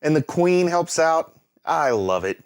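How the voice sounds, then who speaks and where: A man's voice: fairly high pitch, very animated, measured pace, smooth. A man hosting an anime reaction, chatting casually, exclaiming and laughing at the screen, then musing aloud. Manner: muses aloud, thinking things through.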